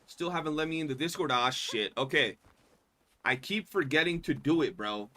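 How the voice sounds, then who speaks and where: A young man livestreaming a game, talking in a loose, animated, slangy way and swearing often. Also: a little high, moderate pace. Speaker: streamer. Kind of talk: casual gaming livestream chat.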